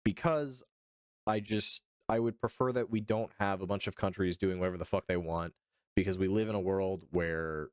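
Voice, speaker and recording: Sitting low and a little mellow, the voice belongs to a young man from Arizona hosting a casual political livestream. He reads articles, talks with chat by name, and keeps things loose, chatty, and profane. The audio is studio quality without echo.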